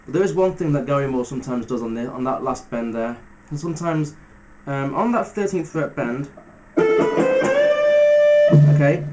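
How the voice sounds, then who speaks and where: A man giving a casual step-by-step guitar lesson, talking through fret numbers in a relaxed way with fillers. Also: medium pitch, normal speed, dull audio. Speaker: guitar teacher. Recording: loud guitar music under the voice. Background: electric guitar playing between phrases.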